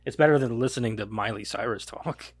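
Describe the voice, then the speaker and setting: A man's voice: mid-range voice, brisk, husky. Rambling man podcast co-host. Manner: loose, rambling, repeats words when starting. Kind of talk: casual chat.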